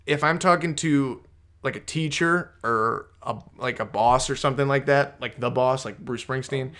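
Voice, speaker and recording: A man's voice: medium pitch, normal speed, a bit bright. A man co-hosting a podcast, chatting casually in a rambling way that doubles back on itself, with some swearing. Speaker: podcast co-host. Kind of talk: casual chat.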